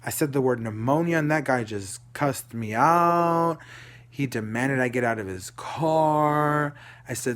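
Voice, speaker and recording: A man's voice: medium pitch, lively intonation, moderate pace, fairly bright tone. A young man from Dallas, Texas, telling a personal story in a rambling, emotional way, repeating himself and swearing. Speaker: vlogger.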